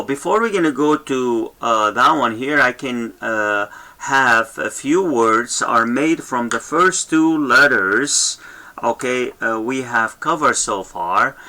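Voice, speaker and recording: Male teacher, slow and repetitive delivery, bright tone, many fillers. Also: mid-range voice. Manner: repeats each sound slowly, many fillers and okays. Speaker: language teacher. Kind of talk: slow instructional lesson.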